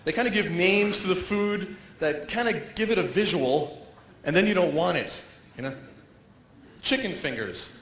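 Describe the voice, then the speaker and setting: A male stand-up comic with a bright, high, animated voice works a live crowd at normal speed, slipping into goofy character voices now and then. His set sounds echoey, with a little noise underneath.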